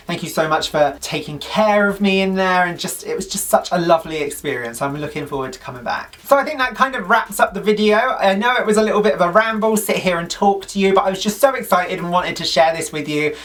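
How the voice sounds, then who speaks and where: A man's voice: on the high side, a bit bright, recorded from a distance. A man vlogging to camera in a chatty, gushing, upbeat way. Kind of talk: casual talk to camera.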